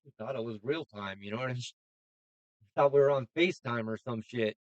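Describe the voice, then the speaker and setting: A man hosting a reaction video, talking casually, getting excited and swearing as he thinks aloud. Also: mid-range voice, fairly quick, dry recording, dull audio.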